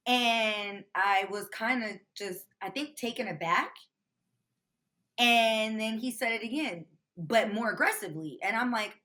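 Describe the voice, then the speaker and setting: A woman's voice: mid-range voice, unhurried. A woman guest in an interview, animatedly retelling a tense phone call in casual, profane talk. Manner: animated storyteller, swears freely.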